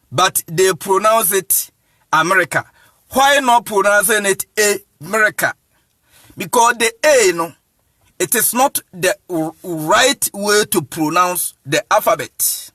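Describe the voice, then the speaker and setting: High, bright-voiced Ghanaian man lecturing. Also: dry recording, clean studio sound. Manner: insistent, repeats "you see what I'm saying", chuckles often. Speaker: evangelist teaching. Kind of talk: informal lecture monologue.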